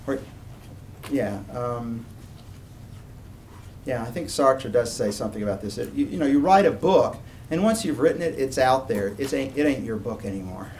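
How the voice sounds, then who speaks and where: In a lecture room, a man gives an informal university lecture, speaking conversationally and wandering into personal anecdotes and asides. His mid-range voice is slightly mellow and lively in intonation, at normal speed with long pauses. The recording is distant, with faint ambient noise.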